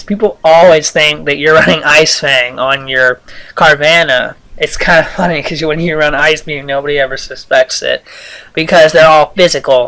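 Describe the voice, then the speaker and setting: A man giving casual, rambling commentary over a video game, talking loosely with lots of pauses and restarts. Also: on the high side, bright, forceful tone, rough recording. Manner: rambling, many fillers and restarts. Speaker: gameplay commentator.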